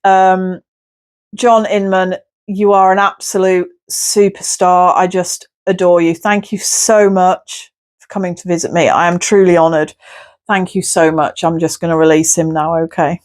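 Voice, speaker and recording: A woman's voice: fairly low pitch, little pitch movement, measured pace, darkish tone. A woman working as a spirit medium, talking to camera in an effusive, gushing way during a channelling session. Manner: effusive, gushing, repeats "wonderful".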